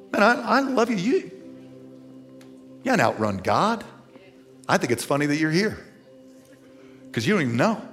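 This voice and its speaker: Animated pastor preaching, soft music behind. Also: male voice, medium pitch. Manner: animated, swings from hushed to near-shouting. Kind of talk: sermon.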